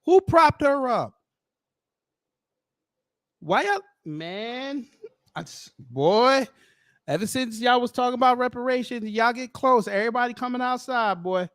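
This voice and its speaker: Mocking high-voiced man, dry mic. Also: normal speed, dry recording. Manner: animated, mocking, slangy, breaks into laughs. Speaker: commentary show host. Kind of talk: casual reaction commentary.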